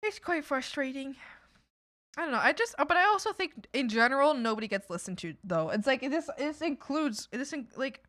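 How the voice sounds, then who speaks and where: A woman's voice: high-pitched, lively intonation, normal speed, a bit bright, dry recording, studio quality. Chatty young woman ranting on stream. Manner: chatty, ranting, sarcastic, laughs often. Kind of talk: casual stream chat.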